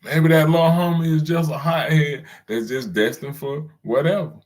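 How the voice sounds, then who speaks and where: Slangy man ranting, fairly high voice. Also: fairly even intonation, moderate pace, a little mellow. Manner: loose slangy talk, chuckles at his own jokes. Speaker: commentator hosting his own channel. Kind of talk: casual commentary rant.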